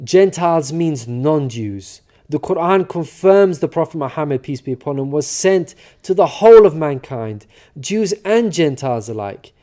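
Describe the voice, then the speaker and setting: A man reading a scripted religious narration in a measured, earnest, explanatory way. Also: on the high side, lively intonation, dark tone.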